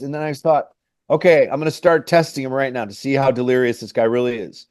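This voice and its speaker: A middle-aged man tells his climbing story as a guide, loose and rambling, leaning on "like" and "hey, man". His voice sits at an ordinary pitch for a man. The sound is dry and close, with no room around it. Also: quick pace, darkish tone, no echo. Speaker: mountain guide. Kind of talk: casual storytelling interview.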